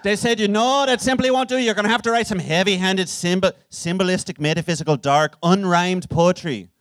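A man's voice: high-pitched, fairly quick, fairly bright tone, no echo. A man playing a bragging Irish poet. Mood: jovial, boastful. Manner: jovial boasting, ponderous solemn recitation. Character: boastful, bawdy old Irish poet, grandiose. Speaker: guest. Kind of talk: live comedic character performance. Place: live venue stage.

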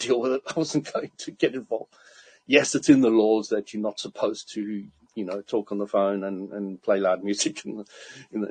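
This husky-voiced man speaks at a fairly low pitch, captured in a dry recording. Chatting casually, he spins a lively anecdote full of laughter, performing the voices of whoever he's quoting.

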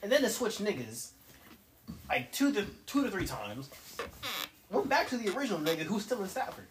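A man's voice: high voice, big pitch swings, fairly quick, slight background noise, poor audio. A young man chatting casually with friends, dry and dismissive, swearing freely. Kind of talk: casual chat among friends.

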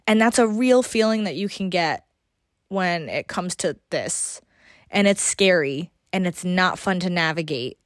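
A woman's voice: on the low side, lively intonation, measured pace, no room sound, studio quality. A woman hosting a personal podcast, talking through a raw emotional experience in a confessional, casual way with frequent swearing. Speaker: podcast host.

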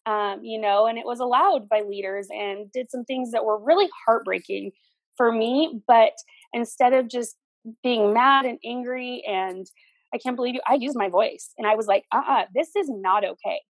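A middle-aged woman shares her story as a podcast guest in an earnest, emphatic way, driving points home by repeating them. Her voice sits a little high. The sound is dry and close. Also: moderate pace, no echo. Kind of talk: personal storytelling interview.

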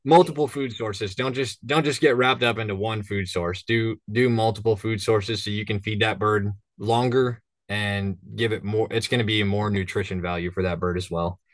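A man's voice: on the low side, fairly even intonation, moderate pace, few pauses, no room sound, clean studio sound. A man from northern Minnesota, a hunting guide, talking casually and rambling through stories. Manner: rambling storyteller, acts out voices. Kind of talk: casual podcast chat.

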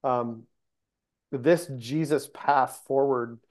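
A man's voice: mid-range voice, extremely slow. Earnest male podcast guest. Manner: earnest, searching for words, with many restarts. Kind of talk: casual faith conversation.

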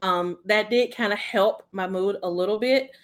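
A woman's voice: mid-range voice, normal speed. A woman co-hosting a casual chat podcast, playful and laughing often. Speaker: podcast co-host.

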